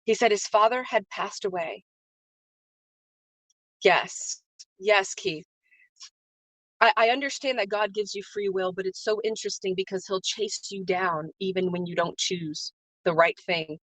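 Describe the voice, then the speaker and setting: Her mid-range voice is a bit bright, and she speaks a little slowly, pausing often, with no room sound in the clip. The woman, a livestream host and faith-based business coach, gives an earnest and emotional motivational talk, greeting viewers by name and repeating phrases for emphasis.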